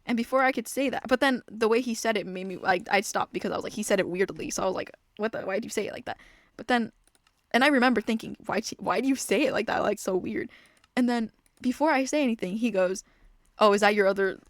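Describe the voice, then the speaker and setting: A woman's voice: a little high, no room sound, clean studio sound. A young woman telling rambling stories while playing a game, often interrupting herself and trailing off into muttered asides. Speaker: gaming vlogger.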